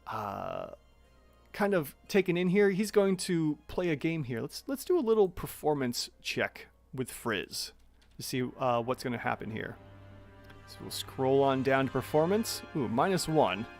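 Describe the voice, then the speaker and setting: A man's voice: mid-range voice, sing-song, a little slow, soft background music. A man narrating a tabletop monster battle as game master, chatty and thinking aloud as he checks the rules.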